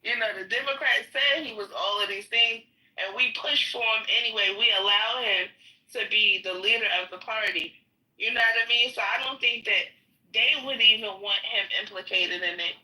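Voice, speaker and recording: A woman's voice: on the high side, normal speed, bright, forceful tone, far from the mic, rough recording. A woman rambling through her view in a political discussion, often trailing off.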